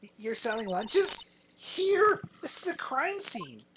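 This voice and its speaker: A woman's voice: sits high, sing-song, slow pace, crowd noise, heavily acted. A woman reading a curious young assistant. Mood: earnest. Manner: earnest, questioning.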